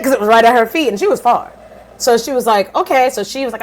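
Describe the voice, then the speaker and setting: A woman in her thirties, a podcast guest telling her story in a lively, blunt way, swearing casually and switching voices when she quotes people. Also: fast, gravelly. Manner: animated, swings pitch widely when quoting others.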